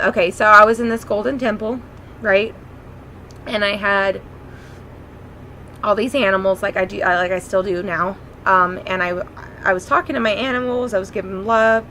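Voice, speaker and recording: A young woman talks on camera in a loose, rambling way, circling back with plenty of ums and okays. Her voice sounds bright and forward, and a faint ambient hiss sits under the recording. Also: mid-range voice, low-quality recording. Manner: rambling, filler-heavy, earnest. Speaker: spiritual vlogger. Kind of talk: casual storytelling monologue.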